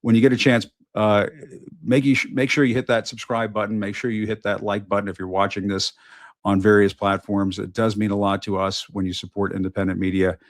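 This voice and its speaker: A middle-aged man hosting his own news show, delivering an impassioned, emphatic political monologue full of repetition and profanity, with halting restarts. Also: fairly low pitch, flat delivery, no room sound, studio quality. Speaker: host of an independent news show.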